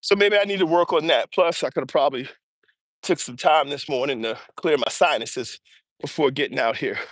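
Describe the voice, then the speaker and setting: A man's voice: a little high, normal speed, no echo, studio quality. A man hosting a motivational livestream while out on an early-morning walk, breathing audibly as he chats energetically with viewers. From US East Coast. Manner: energetic, chatty, greets viewers by name. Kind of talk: casual livestream chat while walking. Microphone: earbuds or small mic.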